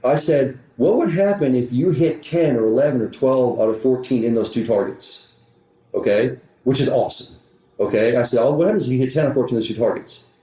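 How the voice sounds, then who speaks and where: In a podcast interview with a roomy echo, a man who teaches golf professionally recounts a story, replaying its rapid exchanges of dialogue. He speaks in a warm, mid-range voice.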